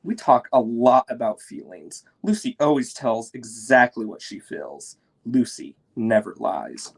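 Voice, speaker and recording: A man reading a first-person story aloud as a child's toy, in soft, measured narration with a gravelly, husky voice. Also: mid-range voice, very animated.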